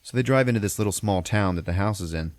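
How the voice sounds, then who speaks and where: A man's voice: lowish voice, quick pace, no echo. A man hosting a podcast, casually recapping a movie in a profane, rambling way. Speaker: podcast host.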